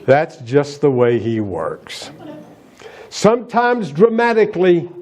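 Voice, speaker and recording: A man's voice: on the high side, big pitch swings, slow, darkish tone. A man preaching a sermon as pastor, emphatic and asking the congregation rhetorical questions.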